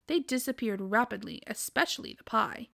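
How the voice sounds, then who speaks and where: A woman's voice: on the high side, moderate pace, vocal fry, fairly bright tone, no echo, clean studio sound. Woman reading a storybook aloud. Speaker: storytelling podcast host. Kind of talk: storybook read-aloud narration.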